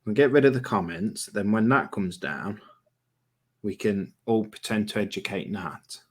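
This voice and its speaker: A man's voice: lowish voice, a little slow, slightly rough. English man with a mixed Lincolnshire-Yorkshire accent. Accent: English, Lincolnshire with some Yorkshire. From Lincolnshire, England. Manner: chatty, reads out viewer comments. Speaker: livestream co-host. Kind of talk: casual livestream chat.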